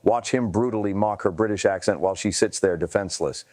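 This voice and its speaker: A man reading scripted narration for a celebrity clip video in an even, measured way. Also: on the low side.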